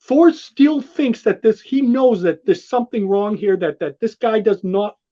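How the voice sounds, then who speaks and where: A high-pitched man talks in an excitable, gushing ramble, often restarting his sentences. The sound is dull and lo-fi. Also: a little slow. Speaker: show host walking through a comic. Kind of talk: enthusiastic casual commentary.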